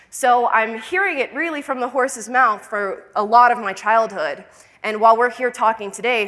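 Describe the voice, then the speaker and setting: A young woman from Florida giving a personal story talk at a conference, lively and often laughing. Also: medium pitch, long reverb tail. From Florida, United States. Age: young adult. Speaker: conference speaker. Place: conference hall stage.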